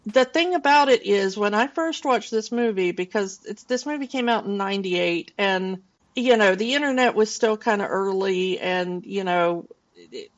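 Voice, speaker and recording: A woman's voice: mid-range voice, highs cut off. A woman in her forties, co-hosting a casual film podcast and rambling loosely with plenty of fillers and restarts. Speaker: podcast co-host.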